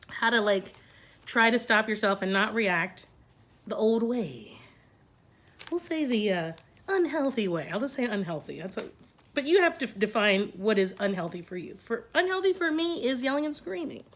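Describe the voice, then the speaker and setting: A middle-aged woman chatting to camera from home, rambling and poking fun at herself, her pitch often jumping up for emphasis. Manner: chatty and rambling, self-mocking, with lively swings in pitch. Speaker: vlogger. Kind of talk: casual talk to camera.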